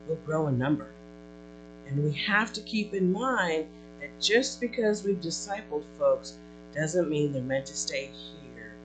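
A woman preaching to her small church in a lively, conversational way, her pitch sitting low but swinging widely as she fires off rhetorical questions. Soft music plays faintly beneath her. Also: low-quality recording. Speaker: pastor. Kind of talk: sermon.

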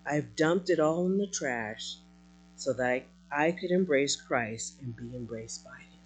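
A preacher giving an emphatic sermon and closing prayer, animated with light laughs, slowing down to stress key words. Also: medium pitch.

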